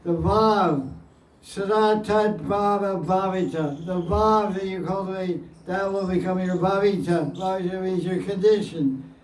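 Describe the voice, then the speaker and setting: Male spiritual teacher, high voice, unhurried and repetitive; distant, roomy recording. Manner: plain-spoken, repeats phrases, chuckles often. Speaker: spiritual teacher answering questions. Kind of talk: devotional question-and-answer talk. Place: indoor gathering room. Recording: echoey room, distant mic, faint hiss.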